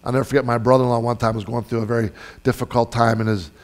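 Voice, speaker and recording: A male pastor delivering a sermon in a church, his pitch sitting in an ordinary middle range. He talks in a relaxed, conversational way, telling stories and often restarting his phrases. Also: rapid-fire. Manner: storytelling, conversational, with frequent fillers and restarts.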